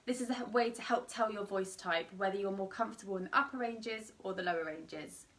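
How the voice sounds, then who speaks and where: A woman's voice: medium pitch, a little fast, fairly bright tone, far from the mic. Tired-voiced woman singing teacher. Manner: demonstrates sung vowels between explanations. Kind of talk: online singing lesson.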